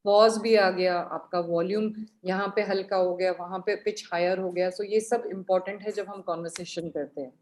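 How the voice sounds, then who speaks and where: A woman's voice: mid-range voice, steady tone, rapid-fire, hardly any pauses, a little mellow. A woman explains tone to students, mostly in Hindi.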